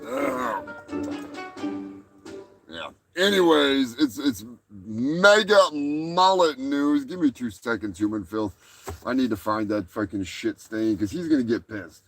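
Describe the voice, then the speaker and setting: A man's voice: mid-range voice, lively intonation, slow, a bit bright, soft background music. A man hosting a comedy livestream, talking in a rambling, crude and profane way. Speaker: show host. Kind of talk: casual comedic livestream talk.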